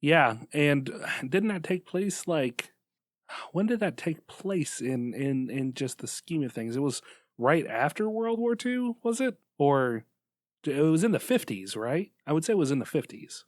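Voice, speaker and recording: A man's voice: a little high, sing-song, measured pace, no room sound, studio quality. A man co-hosting a podcast, chatting casually, laughing often and playfully blunt. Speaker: podcast co-host. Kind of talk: casual banter.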